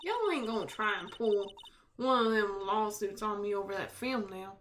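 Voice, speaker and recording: A woman's voice: medium pitch, moderate pace, pushed and bright, slight background noise, lightly acted. Lotta Hart, a drawling country gal as a woman puts her on. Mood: folksy. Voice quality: drawling rustic twang. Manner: folksy and boastful. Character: brash young country woman photographer.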